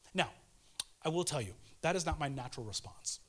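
Male preacher, thirties, pitched a bit high; earnest and pleading, casual devotional delivery. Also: animated, a little fast. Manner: earnest, pleading, swings between fervent and hushed.

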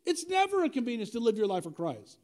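Casting: male pastor, high and expressive, mellow tone, chatty sermon full of slang and direct questions. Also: fast talker. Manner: animated and conversational, with slang and direct questions to the congregation.

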